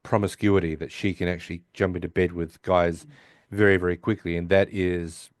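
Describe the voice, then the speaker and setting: A man's voice: low-pitched, little pitch movement, normal speed, dry recording, studio quality. A man co-hosting a podcast who recaps a sitcom episode in a rambling, hesitant way. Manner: rambling, hesitant, with many fillers and restarts. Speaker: podcast co-host.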